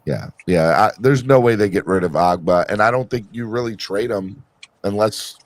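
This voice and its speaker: A man's voice: lowish voice, normal speed, dry recording. A man hosting a casual sports podcast, talking emphatically and often restarting his sentences. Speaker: podcast host.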